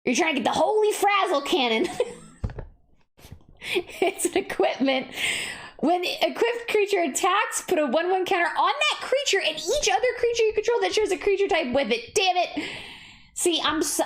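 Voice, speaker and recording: A woman streamer chatting casually and reading card text aloud, excitable and quick to laugh. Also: sits high. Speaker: streamer reviewing cards. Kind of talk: casual live-stream chat.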